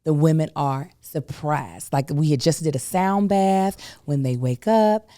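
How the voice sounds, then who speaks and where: A woman hosting a podcast, telling a story in a casual, emphatic, animated way with folksy asides. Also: low-pitched, measured pace, no room sound, studio quality. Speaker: podcast host.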